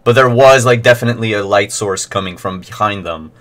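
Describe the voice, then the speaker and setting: A man narrating a tabletop role-playing game as its game master, in a deliberate way. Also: on the low side, fairly bright tone.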